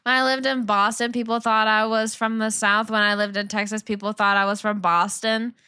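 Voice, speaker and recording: A woman's voice: medium pitch, level tone, normal speed, sharp tone, clear, resonant tone. A woman streaming and chatting casually with her viewers, giggling often and teasing as she reads and answers the chat. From Long Island, New York.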